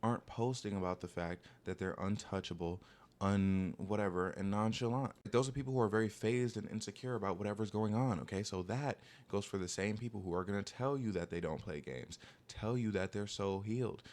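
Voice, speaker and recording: A young man giving dating advice in a casual monologue, talking fast with lots of "like" and "okay?", and mocking people in put-on voices when he quotes them. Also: on the low side, a little mellow.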